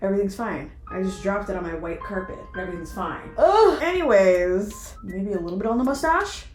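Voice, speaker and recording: A woman's voice: medium pitch, expressive, brisk. A young woman vlogger chatting playfully through a makeup tutorial, with self-mocking asides. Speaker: beauty vlogger. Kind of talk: casual makeup tutorial chat. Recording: echoey room with background music.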